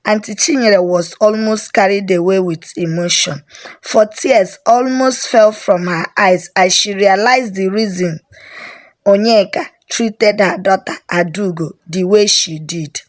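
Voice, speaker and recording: A woman narrating a folk story in a slow, deliberate way. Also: medium pitch.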